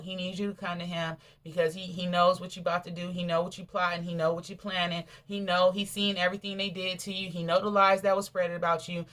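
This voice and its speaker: Woman preacher, lowish voice, emphatic and colloquial, repeats for stress. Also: fairly bright tone. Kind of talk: sermon.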